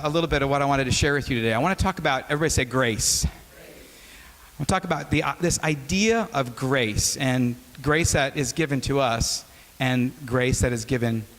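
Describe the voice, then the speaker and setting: Guest preacher, man in his forties, from Wisconsin, relaxed joking storyteller, mid-pitched voice, long hall reverb. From Wisconsin, USA. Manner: joking, conversational, animated storyteller. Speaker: guest speaker. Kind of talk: casual storytelling sermon. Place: chapel hall.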